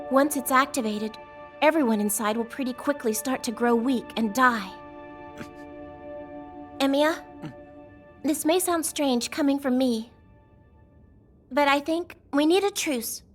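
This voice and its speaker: A woman voicing a proud teenage girl mage in an anime dub, lecturing and quick to flare up. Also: high voice. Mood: scheming. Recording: studio dub with music behind.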